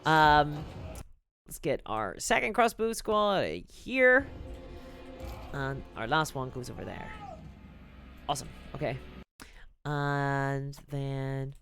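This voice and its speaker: A live streamer plays a strategy game and reads chat while rambling casually, lively in manner, his mid-range voice slow and full of pauses. Faint music plays behind him.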